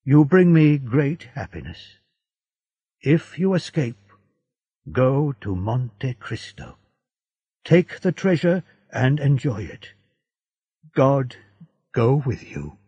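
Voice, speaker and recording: A man's voice: medium pitch, big pitch swings, takes it slowly, pauses often, mellow, slightly rough, no echo, pitched above the performer's own voice, exaggerated voice. A man reading as a dying old prisoner. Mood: tender. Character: dying old male prisoner, gentle and wise. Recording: dull lo-fi dry recording.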